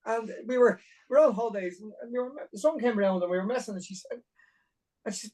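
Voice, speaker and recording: A man in his forties from Dublin with an Irish accent, a podcast guest telling his story in a lively, self-deprecating way with many restarts. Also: sits high, fast talker, recorded from a distance, poor audio. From Ireland. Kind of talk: conversational storytelling.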